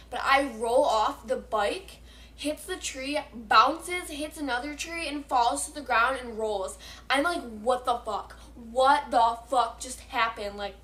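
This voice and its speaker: Bright-voiced teen girl telling a story. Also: high-pitched, echoey room. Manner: profane, excitable, rambling with many fillers. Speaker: vlogger. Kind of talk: casual storytime vlog.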